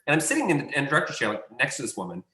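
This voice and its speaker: Bright-voiced man telling a rambling story. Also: mid-range voice, wildly swooping pitch, rapid-fire, reverberant. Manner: rambling, self-correcting storyteller. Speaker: casting director and guest. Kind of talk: casual anecdote telling.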